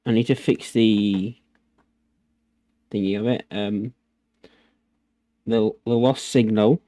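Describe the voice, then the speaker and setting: A man's voice: lowish voice, steady tone, takes it slowly, mellow, no room sound. A man casually chatting on a livestream while showing his setup, rambling and hesitant with many fillers. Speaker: streamer. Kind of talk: casual livestream tutorial chat.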